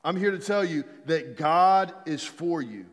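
A man's voice: a little high, animated, measured pace, long reverb tail. A man preaching a sermon as pastor, emphatic and repetitive, leading the congregation in call-and-response. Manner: emphatic, repeats key phrases, leads the congregation in call-and-response.

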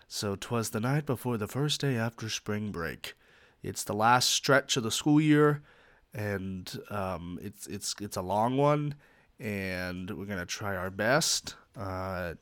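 A man's voice: on the low side, a bit bright, dry recording. A man hosting his own podcast alone, talking casually and rambling with many ums and uhs, poking fun at himself. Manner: self-mocking, joking. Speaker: podcast host; teacher. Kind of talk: casual solo podcast chat.

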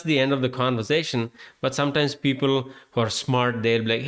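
A man's voice: mid-range voice, fairly even intonation, fairly quick, few pauses, a bit bright. An Indian-accented man talks through his podcast in a loose, rambling monologue. He leans on filler words and swears freely as he tells his stories. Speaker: podcast host. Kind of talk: casual monologue.

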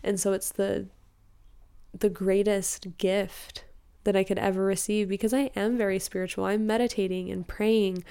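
A woman's voice: mid-range voice, flat delivery, moderate pace, vocal fry, mellow, clear, resonant tone. A young woman from Utah, a podcast guest talking earnestly and emotionally about prayer and spirituality. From Salt Lake City, Utah. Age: young adult. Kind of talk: casual spiritual interview talk.

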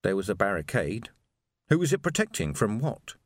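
A man narrating an audiobook in an expressive, animated storytelling manner. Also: lowish voice, normal speed, dry recording, studio quality. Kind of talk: scripted narration.

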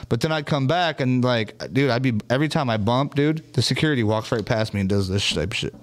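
A man hosting a casual livestream, telling stories in an animated, profane way. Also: mid-range voice, quick pace. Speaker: host.

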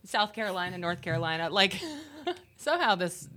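A woman from Maine with a lowish voice, debating in playful podcast banter. Her tone is bright and her pitch moves a lot. She argues her point with cheeky conviction. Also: very animated, moderate pace. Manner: opinionated, argumentative and playful. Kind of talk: casual comedic chat.

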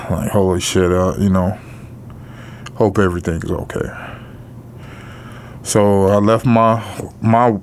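A middle-aged man with a low voice tells a personal story slowly, pausing often and leaning on fillers. His talk is blunt and sprinkled with casual swearing. A faint noise sits under the recording. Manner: halting, with frequent pauses and fillers. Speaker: podcast co-host.

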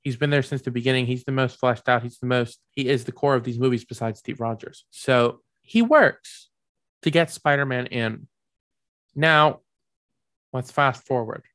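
A man's voice: medium pitch, moderate pace, fairly bright tone, no echo, studio quality. A man giving ranting commentary, heated and profane, rambling with many fillers and restarts.

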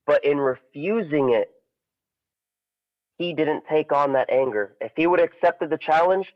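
Male podcast co-host, animated casual storyteller, muffled lo-fi recording. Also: on the high side, normal speed. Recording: dull lo-fi audio.

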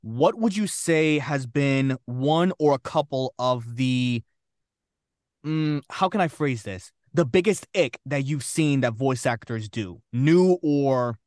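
Relaxed male podcast host, mid-pitched, conversational interviewer, dry close sound. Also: takes it slowly, no room sound.

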